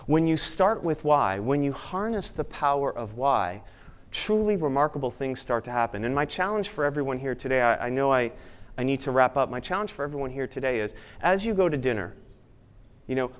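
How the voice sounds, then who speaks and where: A man speaks to an audience in an event room, delivering an energetic motivational talk. His voice sits in a middle pitch. Now and then he mimics excited chatter in a raised voice. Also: fairly quick, smooth.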